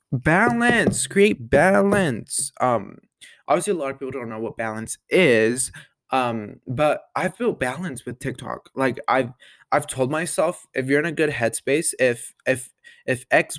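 A man's voice: mid-range voice, fairly bright tone, dry recording. Chatty young man with a dry voice. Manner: rambling, full of "like" and "um" fillers, chatty. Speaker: podcast host. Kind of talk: casual solo podcast chat.

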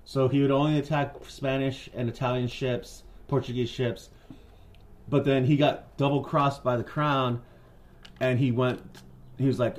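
A man's voice: medium pitch, fairly even intonation, a little slow, soft background music. Guy cohosting a podcast, loose and sweary, keeps laughing at his own bits. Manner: profane, laughing, slips into silly put-on voices. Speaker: podcast co-host. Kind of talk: casual chat.

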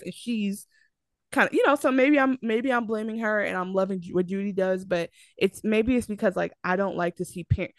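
A woman's voice: mid-range voice, fairly quick, no room sound. Dry, fired-up woman podcast co-host. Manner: animated, argumentative, lots of fillers and restarts. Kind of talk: casual chat.

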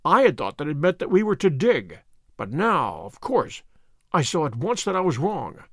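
An actor playing a sharp, methodical detective, recounting a case with precise, measured storytelling in a radio drama. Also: male voice, fairly high pitch, wildly swooping pitch, no room sound, clean studio sound, exaggerated voice. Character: Holmes, sharp methodical male detective narrating.

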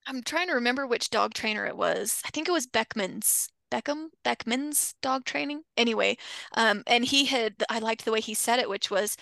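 A woman from a dog daycare chatting casually, often slipping into loud playful impressions of calling dogs. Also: a little high, moderate pace, gravelly, dry recording. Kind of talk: casual interview talk.

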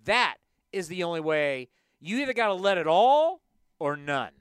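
High, lively man ranting on sports talk. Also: normal speed, clean tone, no echo, clean studio sound. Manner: animated, emphatic ranting. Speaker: sports podcast host.

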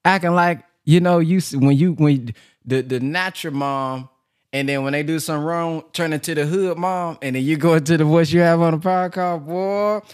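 A man hosting a call-in program, talking in an animated, enthusiastic, casual way with slang. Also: a little high, moderate pace, smooth, no echo, clean studio sound. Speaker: host.

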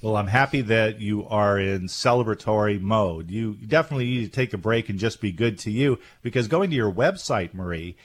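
A man's voice: on the low side, expressive, brisk, few pauses. A man hosting a radio talk show, chatting in an effusive, jokey way. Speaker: radio host. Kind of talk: casual radio chat.

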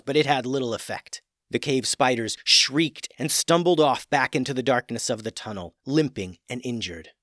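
A man narrating a children's fantasy story with expressive, dramatic storytelling. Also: mid-range voice, dry recording, clean studio sound.

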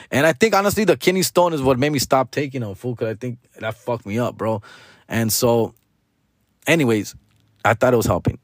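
A man's voice: mid-range voice, dry recording, studio quality. A man in his forties with a Mexican-American accent, hosting a podcast and telling a profane, slangy story, switching between English and Spanish. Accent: Mexican-American English, code-switching to Spanish. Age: 40s. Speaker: podcast host. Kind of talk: casual storytelling monologue.

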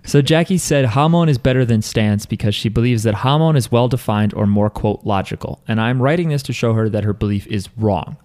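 A man's voice: medium pitch, brisk, few pauses, a little mellow. Laid-back male podcast host. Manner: laid-back, rambling, reads listener emails aloud. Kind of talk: casual chat.

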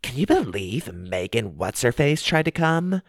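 A man's voice: mid-range voice, sing-song, a little slow, vocal fry, dry recording, studio quality, heavily acted. A man voicing a snotty, stuck-up schoolgirl in a read-aloud story. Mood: snooty. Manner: snotty, sneering.

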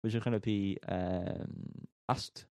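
A man's voice: lowish voice, steady tone, takes it slowly, a little mellow, no room sound. Rambling, self-mocking male podcaster. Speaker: podcast co-host. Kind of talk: casual podcast chat.

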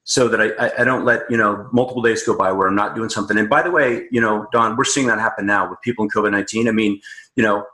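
A man's voice: lowish voice, steady tone, quick pace, pushed and bright, roomy sound. A man speaking as a guest coach in a casual interview, upbeat, emphatic and motivational.

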